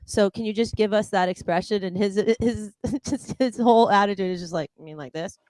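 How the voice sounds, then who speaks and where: Young woman goofing around on a chat show, giggles a lot, does low silly voices, dry mic. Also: fairly even intonation, fairly quick, darkish tone, no echo, rough recording. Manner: playful, giggly, drops into low mock voices for characters. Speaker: co-host. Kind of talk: casual comedic chat.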